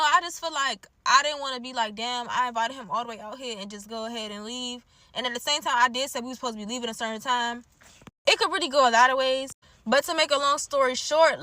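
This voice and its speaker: A woman's voice: high voice, no echo. A young woman in her twenties from the DMV area, with its accent, bluntly telling a casual storytime full of slang and "like". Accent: DMV African American English. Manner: blunt, animated, slangy, frequent "like".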